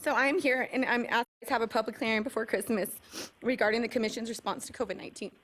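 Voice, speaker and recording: A woman pleads with a county board in a somewhat high voice. She is earnest and audibly emotional, a parent speaking at the podium mic. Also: steady tone, fast, fairly bright tone. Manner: earnest and emotional, slightly shaky. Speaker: public commenter, parent. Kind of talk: emotional public comment. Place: county commission meeting room.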